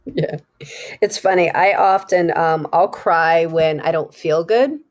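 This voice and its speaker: A middle-aged woman hosting a relaxed live interview, chatting and laughing often. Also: on the low side, slow pace. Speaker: host. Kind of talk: casual live interview chat.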